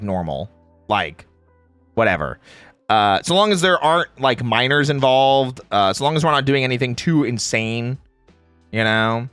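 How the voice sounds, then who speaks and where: Bright, lively young male streamer. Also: mid-range voice, no room sound. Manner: playful, jokey, greets chat by name. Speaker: streamer host. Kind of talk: casual livestream chat.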